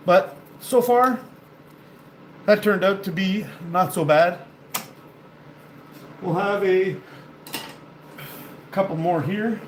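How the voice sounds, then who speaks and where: A man's voice: high voice, slow pace, pauses often, echoey room, slight background noise. A man talking casually and bluntly while he crafts in his workshop, swearing now and then. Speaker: slingshot maker.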